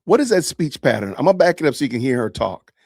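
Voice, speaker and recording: Lively, dry-voiced male podcast host. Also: medium pitch, fast, gravelly, no room sound. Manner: animated, joking, talks to live chat. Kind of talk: casual commentary on videos.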